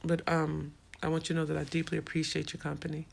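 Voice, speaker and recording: A woman's voice: sits low, completely flat delivery, fast, vocal fry. A woman hosting a casual livestream, frankly answering viewer comments in a streetwise way. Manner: frank and streetwise, swears freely. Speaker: livestream host.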